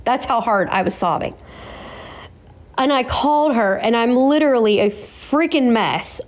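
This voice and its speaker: A woman's voice: on the high side, expressive, normal speed. A woman hosting her own vlog, tearful and emotional, talking in a rambling way full of restarts and exclamations. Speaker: vlogger and host. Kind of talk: casual emotional vlog chat. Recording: dull lo-fi recording.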